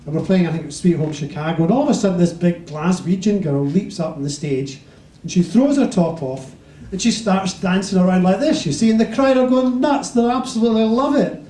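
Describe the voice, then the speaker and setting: Scottish man with a warm, mellow voice. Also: sits high, a little fast. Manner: rambling, building to a punchline. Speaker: musician telling stories on stage. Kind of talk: stage anecdote to a live audience. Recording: roomy, distant stage mic.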